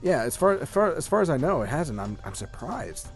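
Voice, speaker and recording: A man co-hosting a casual gaming podcast, rambling with lots of fillers and getting excited about what he likes. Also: fairly high pitch, a little fast, soft background music. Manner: rambling, filler-heavy, enthusiastic. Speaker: podcast co-host. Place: home room with a shelf of collectibles.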